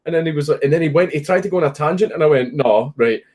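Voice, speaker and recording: A man's voice: a little high, racing, a little mellow. A young Scottish man, a streamer, casually telling a story with lots of swearing and laughing at his own punchlines.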